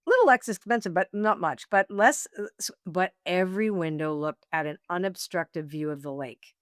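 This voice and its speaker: A woman being interviewed, telling a personal story in a lively, laughing way and acting out what she and others said. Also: lowish voice, moderate pace, dry recording, clean studio sound. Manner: animated, laughing storyteller, acts out her own quotes. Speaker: guest, oracle deck author.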